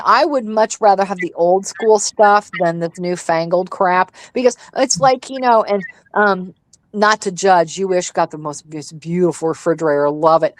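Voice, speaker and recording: Middle-aged lady ranting in casual chat, swears a lot, dry close sound, nothing roomy. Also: mid-range voice. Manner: blunt and profane, ranting. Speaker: host.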